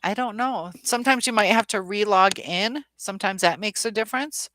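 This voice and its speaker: A woman's voice: mid-range voice, a little fast, a bit bright, a little hiss or hum. A woman hosting a casual live stream, reading viewer comments aloud and chatting back with lots of ums.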